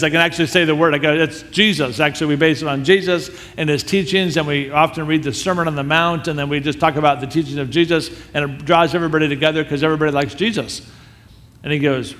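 A man telling a story as a sermon, animated and acting out the people he quotes. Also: fairly high pitch, a little fast. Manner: animated storyteller who acts out quoted voices. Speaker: speaker telling a story to a church audience. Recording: long hall reverb.

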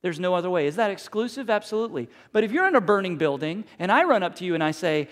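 High-voiced preaching man. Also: animated, fast talker, hardly any pauses. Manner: preaching with rhetorical questions and acted quotes. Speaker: pastor. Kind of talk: sermon.

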